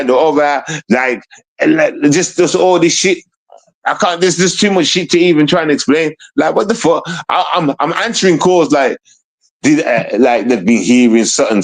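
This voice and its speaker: A man's voice: medium pitch, rough recording. A man ranting on a livestream, repeating himself, swearing and asking over and over whether listeners understand. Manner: repetitive, emphatic, keeps asking "you understand?"; profane and heated. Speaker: streamer. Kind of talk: livestream rant.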